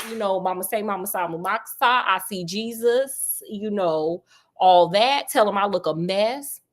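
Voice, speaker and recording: A woman's voice: fairly high pitch, close to an everyday voice. A woman doing a feverish, demanding sick detective. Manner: casual slangy pleading.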